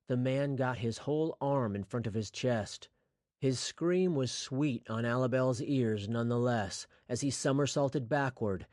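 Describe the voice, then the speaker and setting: A man narrating a fantasy audiobook in a steady, scripted storytelling voice. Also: medium pitch, no echo, clean studio sound.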